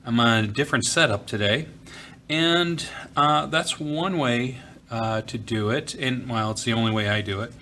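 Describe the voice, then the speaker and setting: A man of middling pitch talks through a drawing lesson in an easygoing way, thinking aloud with fillers while he sketches. A faint hiss of room noise sits under his voice, recorded at a school desk. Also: moderate pace, pushed and bright. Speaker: art teacher. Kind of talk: drawing tutorial narration. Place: school office.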